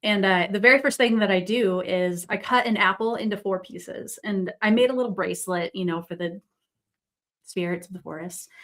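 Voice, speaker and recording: Guest woman, excitable, rambling anecdote, mid-range voice. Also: mid-range voice. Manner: rambling, full of fillers and "like". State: buzzing with excitement. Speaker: psychic medium guest. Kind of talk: casual storytelling.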